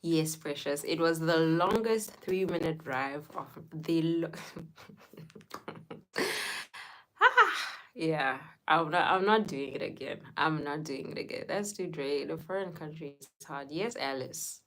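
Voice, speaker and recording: Woman, low unhurried voice, chatty streamer who laughs a lot and reads out viewer names. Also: lively intonation, fairly bright tone, rough recording. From Zimbabwe. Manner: laughs often, answers viewers by name. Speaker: live streamer reading chat. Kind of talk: casual storytelling to a live chat.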